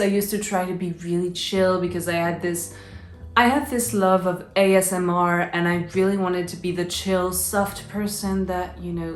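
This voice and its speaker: A fairly low-voiced woman talks casually to her viewers in English, with a French accent that slides between British and American. She sounds upbeat and chatty and restarts her sentences often. The room is echoey, with soft instrumental music playing underneath. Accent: French, shifting between British and American. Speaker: illustrator and YouTuber. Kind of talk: casual chat to camera.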